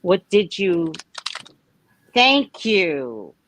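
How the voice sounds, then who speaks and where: A woman co-hosting a live tarot reading, chatting casually and telling stories in an animated, expressive way. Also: on the low side, drawn-out words, slight background noise, poor audio. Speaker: tarot reader co-host.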